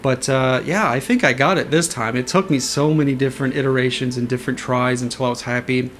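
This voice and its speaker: A man casually explaining how he designed sound effects, eager and imitating whooshes and booms with his voice. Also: steady tone, brisk, a bit bright, a little hiss or hum. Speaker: saber sound font designer.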